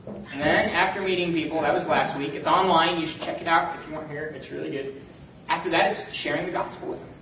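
A man leading a Bible study group, reading verses aloud and calling on listeners by name in an animated way. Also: fairly high pitch, fast, roomy sound, far from the mic, dull audio, a little hiss or hum. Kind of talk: teaching a group with questions. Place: room with a small group.

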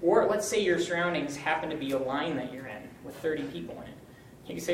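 A young man gives a lively, joking teaching talk to a college group. His voice sits a little high and comes from some distance off the mic. The room is echoey with a faint background hum. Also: quick pace. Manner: upbeat, joking, animated. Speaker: campus ministry speaker.

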